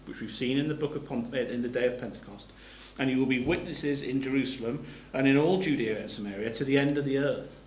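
A preacher reads scripture aloud during a sermon and explains it plainly, stopping to restart his phrases. His voice is medium in pitch, and the low-quality recording sounds roomy with a little hiss or hum.

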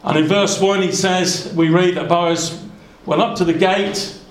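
Guy preaching a bible sermon, kinda high voice, lots of asides, echoey room. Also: steady tone, a little slow. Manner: earnest, conversational, many asides and restarts.

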